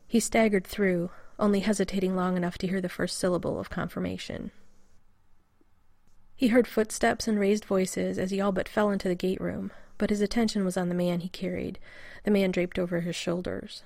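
A woman narrating a story in a steady, measured reading. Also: mid-range voice, gravelly, dry recording, clean studio sound. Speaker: reader. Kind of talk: audiobook narration.

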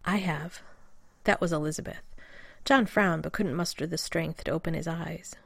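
A woman reads fiction aloud in a steady, wry narrating voice. Her pitch sits low. The recording is close and dry. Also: normal speed, vocal fry, dry recording. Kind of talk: audiobook reading of fan fiction.

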